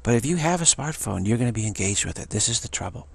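A man's voice: mid-range voice, expressive, quick pace, gravelly, breathy edge. A man giving an informal spiritual talk in a rambling, playful way, often repeating himself. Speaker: spiritual teacher.

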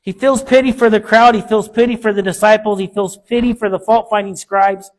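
A man's voice: high voice, fairly even intonation, a little fast. A male pastor preaching a sermon with an emphatic, repetitive cadence.

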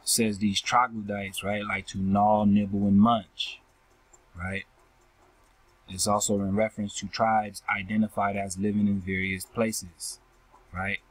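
Poor audio without echo captures a man with a lowish voice and little pitch movement as he reads scripture verses and explains them. A teacher of scripture, he speaks slowly and repetitively, addresses listeners as family, and ends almost every phrase with a questioning "right?"

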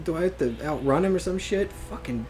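A gamer giving live gameplay commentary, excitable, swearing often and breaking into yelps and laughs. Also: medium pitch, fairly quick. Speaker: let's play gamer. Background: game music.

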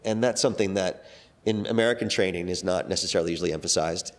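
Fast-talking middle-aged actor, rambling. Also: male voice, sits low. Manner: rambling, many fillers and restarts. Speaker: guest actor. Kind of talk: casual interview talk.

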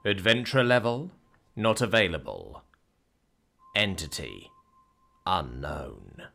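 A man voicing a slow, clipped status readout in a gravelly tone. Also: deep voice, lively intonation, sharp tone, heavily acted. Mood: flat readout.

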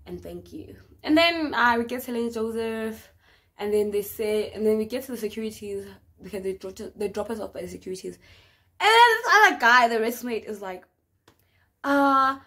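A young South African woman telling a dramatic story in a casual vlog, with slang and an animated manner. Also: mid-range voice. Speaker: vlogger.

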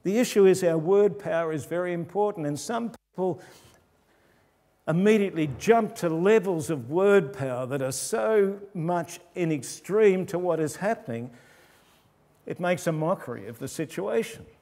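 An older man, a pastor, preaching a conversational sermon and dropping his voice low for quoted asides. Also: lively intonation, moderate pace, mellow. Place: church. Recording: long church reverb.

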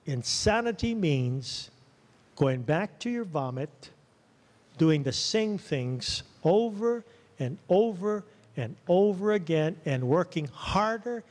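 A man preaching a sermon in a church, animated and conversational, often checking in with the congregation. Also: sits high, slow pace. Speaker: pastor. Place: church sanctuary. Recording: long church-hall reverb.

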